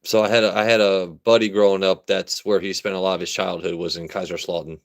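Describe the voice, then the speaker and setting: A man's voice: deep voice, little pitch movement, fast talker, gravelly. An American man hosting a live stream, joking loosely with his chat and repeating himself as he reads comments. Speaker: livestream host reviewing whiskey.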